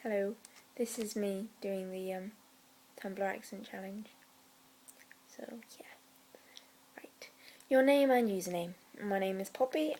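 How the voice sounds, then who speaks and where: A young woman from South Wales with a Welsh accent, chatting casually through a question list with deadpan, dry humour and quiet whispered asides. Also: mid-range voice, low-quality recording. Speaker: vlogger. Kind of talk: casual chat.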